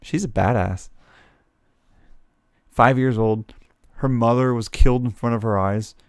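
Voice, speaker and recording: A let's play streamer, a man with a mid-range, unhurried voice, chats casually while reading the game's dialogue aloud in playful voices, laughing often. The studio-quality recording has no room sound, just faint game music in the background.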